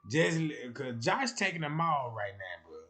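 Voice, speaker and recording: Animated young man rambling on a livestream. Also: medium pitch, moderate pace. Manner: loose, rambling, acts out quoted voices. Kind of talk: casual livestream rant.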